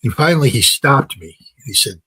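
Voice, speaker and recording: Speaking off the cuff as an interview guest, a political commentator with a slightly husky, medium-pitched voice offers his views at a moderate pace, his intonation lively and his delivery pushed and bright. He's emphatic, repeating phrases to drive his points home, and folksy, drawing on everyday examples, scattering ums and uhs, and laughing at his own remarks.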